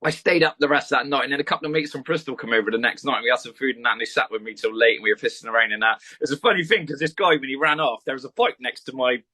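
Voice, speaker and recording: A man's voice: mid-range voice, very fast, few pauses, bright, forceful tone, breathy edge. A man, a podcast guest, rambling through a story in casual chat and swearing freely.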